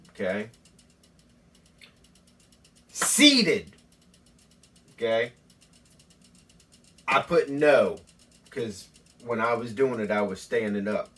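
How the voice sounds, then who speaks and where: A man hosting a mock home tutorial in a folksy, deadpan, rambling way. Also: medium pitch, far from the mic. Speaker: host.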